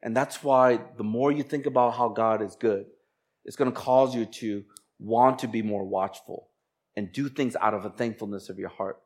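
Pastor guy preaching, slow on the verses then chatty and laughing through a story, voice jumps up and down. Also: on the low side. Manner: conversational, animated storytelling with laughs and quoted voices; slow, emphatic on scripture phrases. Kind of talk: sermon with personal story.

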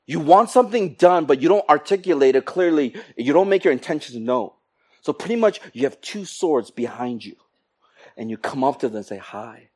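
A man preaching a sermon to his congregation, animated, acting out quoted exchanges with comic voices. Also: a little high, brisk. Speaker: pastor.

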